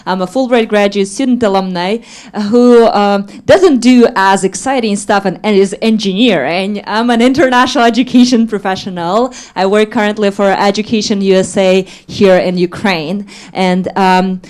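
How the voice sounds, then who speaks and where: A woman hosting an education event, greeting the audience in a warm, welcoming way. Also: mid-range voice, fairly even intonation, moderate pace, clear, resonant tone. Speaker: event host. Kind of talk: welcoming remarks.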